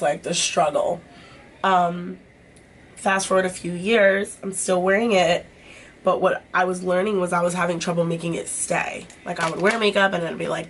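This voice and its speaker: A woman's voice: on the low side, creaky, a bit bright, slight background noise. Chatty young woman doing her makeup. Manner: chatty, swears freely, lots of "like" fillers. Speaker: beauty vlogger. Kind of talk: casual chatty storytelling. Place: home, doing makeup while talking.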